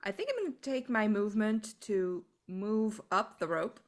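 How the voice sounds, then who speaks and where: A woman's voice: medium pitch, animated, normal speed. A woman playing a tabletop game, declaring her actions in a casual, blunt way. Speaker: player. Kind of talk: tabletop role-play, casual.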